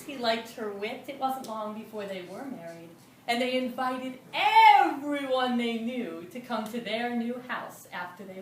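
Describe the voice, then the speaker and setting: A woman tells a folk tale live to an audience, rhythmic and expressive, leaning on repetition. Her voice sits fairly high and rings through a roomy venue, picked up from a distance over faint room noise. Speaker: storyteller. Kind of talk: live oral storytelling. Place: storytelling venue before an audience.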